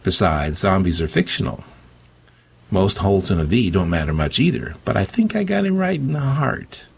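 A man voicing a cool, commanding female vampire gunwoman who speaks calmly and matter-of-factly. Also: low-pitched, normal speed, vocal fry, breathy edge, voice pushed up, full character voice.

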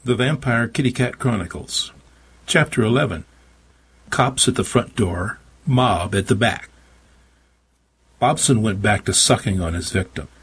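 Low-voiced man narrating a story. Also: expressive, measured pace, long pauses, fairly bright tone, breathy edge. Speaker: audiobook narrator. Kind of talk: scripted narration.

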